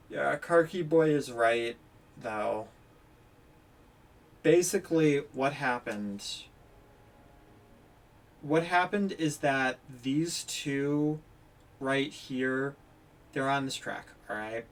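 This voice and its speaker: A livestreamer giving live gameplay commentary who talks excitably and breaks into loud, frustrated outbursts. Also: medium pitch, very slow, long pauses, recorded from a distance.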